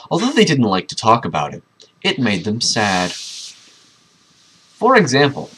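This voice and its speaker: A man's voice: fairly low pitch, sharp tone, a little hiss or hum. A man reading a book aloud and breaking off into sarcastic, mocking commentary between passages. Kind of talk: casual dramatic reading with commentary.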